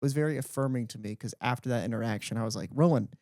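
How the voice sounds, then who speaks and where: A young man co-hosting a podcast, telling stories in a casual, animated way with lots of "like". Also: medium pitch, very fast, dry recording, studio quality. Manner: animated storyteller, heavy use of "like". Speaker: podcast co-host. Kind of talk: casual chat.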